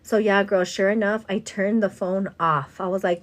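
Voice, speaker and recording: Her medium-pitched voice moves at normal speed with fairly even intonation as this woman, a vlogger and host, rambles through a long story in casual get-ready-with-me chat. "Girl" comes up again and again, along with the odd bit of Spanish.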